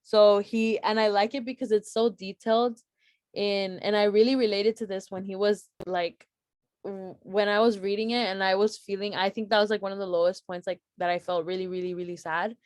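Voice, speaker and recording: An earnest young woman talks through a Bible passage in a casual, unscripted way, often stopping to restart and leaning on "like" as a filler. Her voice sits at a middle pitch and sounds dry and close, with no room around it. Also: steady tone, brisk, a little mellow, dry recording. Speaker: youth Bible study leader. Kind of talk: casual Bible study talk.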